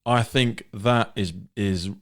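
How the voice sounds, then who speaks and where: A man hosting a podcast, speaking conversationally and often adding quick affirmations. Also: lowish voice, clean tone. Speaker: podcast host. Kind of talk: casual interview chat.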